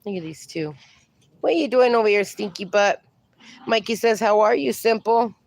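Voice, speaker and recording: A woman's voice: mid-range voice, expressive, moderate pace, creaky, darkish tone. A woman hosting a casual livestream, reading viewer comments aloud and cooing at her dogs, a little sniffly from allergies. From USA. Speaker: livestream host.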